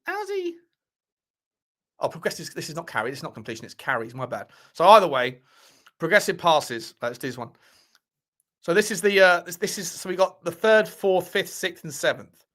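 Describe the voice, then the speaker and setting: Bright-voiced man hosting football livestream. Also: a little high, very animated, normal speed. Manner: chatty, swears casually, restarts and thinks aloud. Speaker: football channel host. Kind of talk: casual livestream football talk.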